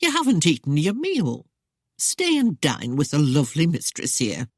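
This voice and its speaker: A woman voicing a mischievous older maidservant who coaxes and teases a gentleman. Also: lowish voice, big pitch swings, moderate pace, no echo, studio quality. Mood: coaxing. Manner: coaxing and sly. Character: mischievous older female servant.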